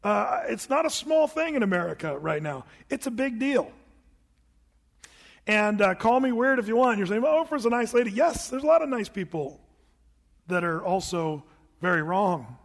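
High-voiced man preaching in a reverberant hall. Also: animated, normal speed, gravelly. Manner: conversational preaching with rhetorical questions and asides. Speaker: pastor. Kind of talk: sermon.

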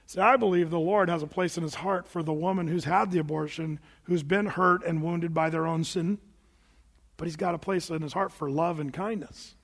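A high-voiced male pastor preaches a sermon in a casual, conversational way, often restarting his phrases. His voice rings through a large church sanctuary with a long reverb. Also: steady tone, moderate pace, a bit bright.

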